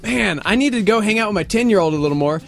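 A man co-hosting a morning radio show, joking through banter and reading sponsor copy at a quick clip. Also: sits high, expressive, creaky.

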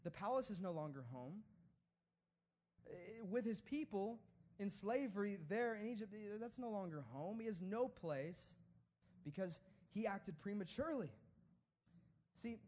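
A male preacher with a notably high, light voice delivers his sermon in a casual, animated way. He swings from playful asides to hushed, earnest pleas without ever turning formal.

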